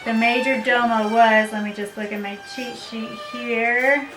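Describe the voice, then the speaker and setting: A woman vlogger chatting casually to the camera at home, upbeat and quick to laugh. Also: fairly high pitch, fairly even intonation, over music. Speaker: vlogger, bride. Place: home room by a desk. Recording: roomy, distant mic with faint hiss.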